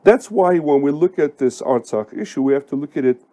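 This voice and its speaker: A middle-aged man giving unscripted political commentary, deliberate and emphatic, with frequent hesitations. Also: on the high side, lively intonation, warm tone.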